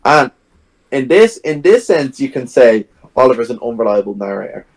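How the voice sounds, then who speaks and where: A man's voice: mid-range voice, moderate pace, low-quality recording. A man co-hosting a podcast, retelling a film's plot in casual chat and acting out its scenes. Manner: animated retelling, acts out scenes. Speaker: podcast co-host. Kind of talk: casual film discussion.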